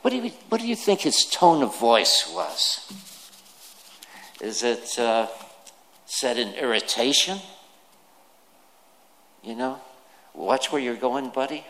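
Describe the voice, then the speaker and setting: Slow-preaching man in a reverberant hall. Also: mid-range voice, huge pitch swings, sharp tone. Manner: slow and deliberate, asks the listeners questions. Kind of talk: sermon.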